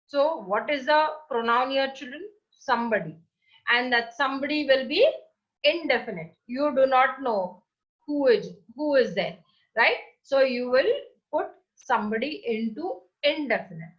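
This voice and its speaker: A woman's voice: sits high, a bit bright, dull audio. A woman teaching an online English class to children, patiently asking questions and then answering them herself. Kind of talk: recorded online class lesson.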